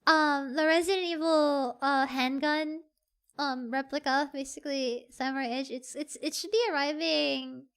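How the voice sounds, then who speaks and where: A streamer in casual live-stream chat at a desk microphone, giggly and excitable, breaking into squeals. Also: sits high, normal speed.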